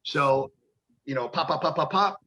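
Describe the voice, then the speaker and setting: A man's voice: a little high, normal speed, sharp tone, slight background noise, rough recording. A man, a pro wrestler, telling rambling, profane stories in a casual interview and acting out the voices of people he quotes.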